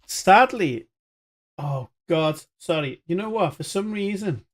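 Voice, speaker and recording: A man's voice: high voice, expressive, slow pace. A man with a voice sitting a touch above the usual male range talks through a game live. His commentary is chatty and meandering, full of jokey asides. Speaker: streamer.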